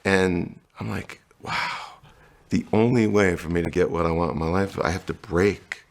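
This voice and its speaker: A middle-aged man with a low, gravelly voice tells his life story. He speaks candidly and slips into the voices of the people he quotes. He comes from New Jersey. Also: steady tone, normal speed, slight background noise. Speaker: guest.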